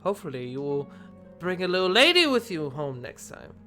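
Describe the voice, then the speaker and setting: A man's voice: a little high, sing-song, fairly quick, bright, forceful tone, faint music behind. A man voicing an affectionate, teasing noble sister in a tabletop game.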